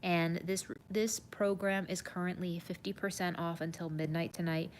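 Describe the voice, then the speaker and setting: Earnest woman nutrition coach, lowish voice. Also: normal speed, a little hiss or hum. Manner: earnest, animated, says "you guys" often. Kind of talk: live stream talk to viewers.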